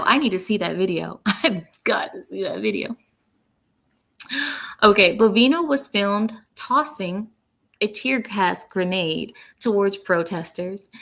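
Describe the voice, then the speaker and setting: A woman's voice: mid-range voice, vocal fry, fairly bright tone. A woman hosting her own commentary channel, talking through the news in a sarcastic, mocking way with lots of fillers and restarts. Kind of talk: opinionated political commentary.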